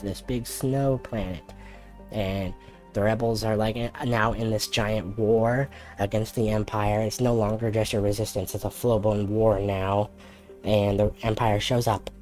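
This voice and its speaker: A low-voiced man tells a story in a casual, comedic way. He rambles, restarts, and drops in quick impressions. Faint music plays under him. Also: darkish tone. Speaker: host.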